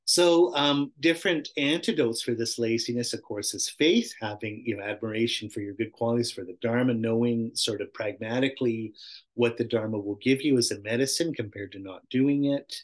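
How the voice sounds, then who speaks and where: A man's voice: mid-range voice, moderate pace. A middle-aged man teaching a casual meditation class, chatty and self-interrupting, often laughing and acting out little voices. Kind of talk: casual dharma talk.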